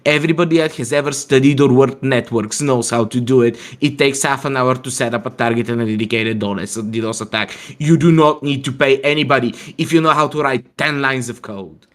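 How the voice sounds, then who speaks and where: A man's voice: medium pitch, steady tone, a little fast, few pauses, fairly bright tone. A man, a guest on a livestream, ranting in a profane and sarcastic way in casual chat over a video call mic.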